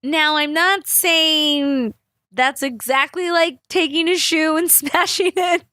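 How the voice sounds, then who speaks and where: Young woman podcast host, bright tense voice, pretty high, rambles and swears a lot. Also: slow pace, no echo. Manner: swears freely, chatty and rambling; acts out quoted people in big voices. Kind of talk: casual storytelling chat.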